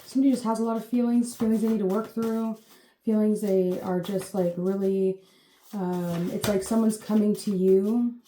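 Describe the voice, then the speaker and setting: A woman with a mellow, relaxed tone rambles through a casual reading, leaning on fillers and the odd playful curse. Her voice carries a roomy echo, with faint noise underneath. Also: mid-range voice, normal speed. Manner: chatty, meandering, full of fillers, swears playfully. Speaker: channel host giving intuitive readings.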